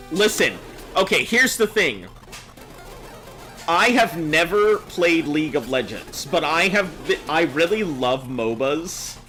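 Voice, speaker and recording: A man's voice: fairly high pitch, sharp tone. A man streaming live, chatting casually with viewers, reading chat messages aloud and joking as he goes.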